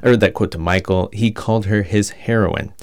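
A male reporter reading scripted narration in a measured way. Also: fairly low pitch, creaky, a little mellow, no room sound, studio quality. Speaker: radio reporter.

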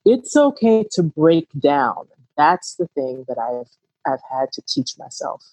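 A woman's voice: sits low, sing-song, unhurried, darkish tone, dry recording, low-quality recording. A woman co-hosting a podcast, speaking candidly and reflectively in a casual, heartfelt conversation. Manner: reflective, candid, rising emphasis. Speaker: podcast co-host.

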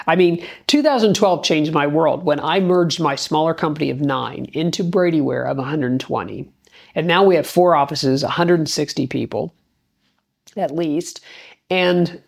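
A middle-aged woman hosting a talk show, telling a personal story in a conversational, energetic way and acting out the dialogue she quotes. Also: low voice, creaky, breathy edge. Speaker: podcast host.

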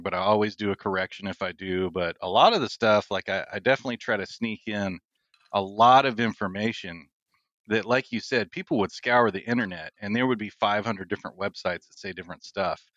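A man chatting as a podcast guest, telling stories in a relaxed way with frequent laughs. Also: lowish voice, fairly quick, no echo, lo-fi sound. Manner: storytelling, laughs often, relaxed. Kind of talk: casual chat.

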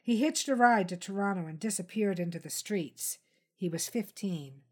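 Female audiobook narrator, steady dramatic delivery, gritty thriller read. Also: mid-range voice, normal speed. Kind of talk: scripted narration.

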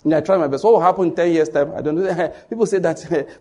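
A Nigerian man preaching in church, his voice husky and pitched a little high. He drives each point home by repeating it and speaks straight to the congregation. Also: quick pace, hardly any pauses, darkish tone. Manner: emphatic, repetitive preaching that addresses the congregation directly. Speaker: pastor. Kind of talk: sermon.

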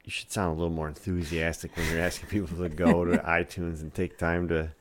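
A man's voice: deep voice, flat delivery, brisk. A man co-hosting a podcast in casual late-night chat, joking and teasing in a laid-back way. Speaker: podcast co-host.

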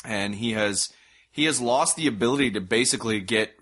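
A man's voice: mid-range voice, a little fast, fairly bright tone. A man hosting a casual movie review chat, enthusiastic and steering the talk between films. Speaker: film review podcast host.

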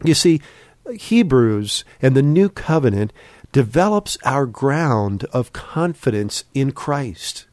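A man's voice: medium pitch, sing-song, slow, darkish tone, dry recording. Brief: male podcast preacher, earnest and exhorting, shifts pace for emphasis, dry close recording. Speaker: podcast Bible teacher. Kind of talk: podcast sermon.

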